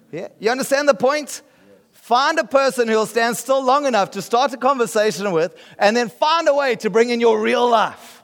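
South African preacher, chatty and high-voiced. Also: male voice, fairly quick, in a large hall. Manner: conversational, often asks the room if they get the point. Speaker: pastor. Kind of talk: sermon.

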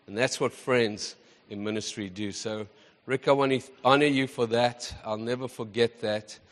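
A man hosting as pastor, telling a story with deep emotion to his congregation. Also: steady tone, normal speed. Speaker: host pastor. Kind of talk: sermon. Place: church hall with congregation. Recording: church hall reverb with congregation.

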